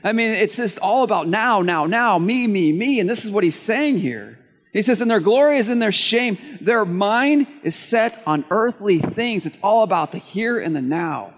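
A male pastor preaching a sermon to his congregation, lively and conversational. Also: high-pitched, moderate pace. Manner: animated preaching, dropping to a soft prayer voice. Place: church service, room of listeners. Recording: long hall reverb, faint music.

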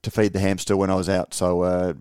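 A man co-hosts a podcast with a smooth, resonant voice, pitched a little low. He rambles casually, with many fillers and easy laughs, and is recorded dry and close. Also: level tone, a little fast, darkish tone, dry recording. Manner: rambling, many ums and uhs, laughs easily. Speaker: founder and editor, podcast co-host.

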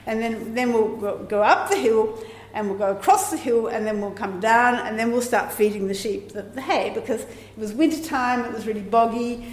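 High-voiced woman telling a story. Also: moderate pace, few pauses. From Australia. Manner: chatty, rambling with restarts. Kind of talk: live personal storytelling. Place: live storytelling event. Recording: echoey room with faint ambience.

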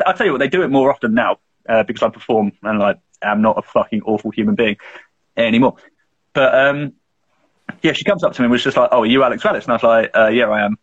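This young man co-hosts a podcast and tells a long story in loose, rambling casual chat, swearing freely between fillers. His voice is husky, and the recording sounds muffled and lo-fi. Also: medium pitch, a bit bright. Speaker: podcast co-host.

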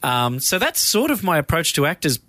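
A man being interviewed as a guest, chatting in a playful, relaxed way and laughing often. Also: on the high side, fairly quick, no echo. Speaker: guest filmmaker. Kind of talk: casual interview chat. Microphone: studio mic in a podcast booth.

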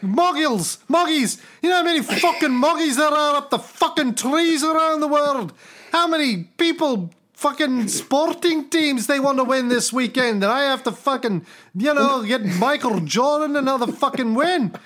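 A man's voice: extremely high pitch, lively intonation, normal speed, a bit bright, pitched above the performer's own voice. A man voicing a grumpy, foul-mouthed, overworked male God with a Scottish accent, who scolds and blusters. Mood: blustering.

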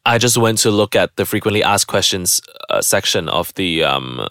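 A man co-hosting a podcast, telling a story in casual chat with quick, animated bursts. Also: sits low, dry recording, clean studio sound. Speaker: podcast co-host.

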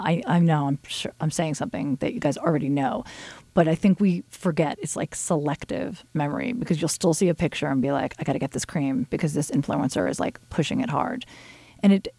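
A middle-aged woman hosting a podcast, telling stories in a candid, animated way and swearing freely. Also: low-pitched, vocal fry, dry recording. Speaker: podcast host. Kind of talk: casual chat.

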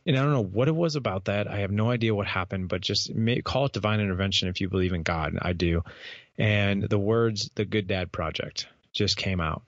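A man in his thirties tells a candid personal story with a low, gravelly voice. He talks earnestly and often restarts and repeats words. The sound is dry, dull and lo-fi. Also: brisk, dry recording. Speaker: podcast host and guest speaker.

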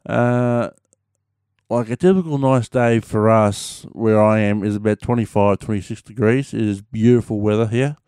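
A man's voice: on the low side, fairly even intonation, moderate pace, mellow, smooth, no room sound, studio quality. A man with an Australian accent chatting casually to his audience, rambling and slangy with plenty of fillers. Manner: rambling, laid-back, slangy with many fillers. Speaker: vlogger. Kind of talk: casual chat to camera.

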